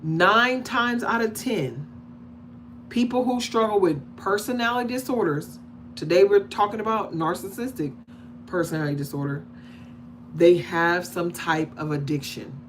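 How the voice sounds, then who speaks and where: A woman talking casually to her audience about relationships in an animated way, acting out the people she describes and checking in with questions. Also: lowish voice, unhurried, a little hiss or hum. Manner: conversational, asks the audience questions. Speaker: relationship commentator. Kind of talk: casual monologue to camera.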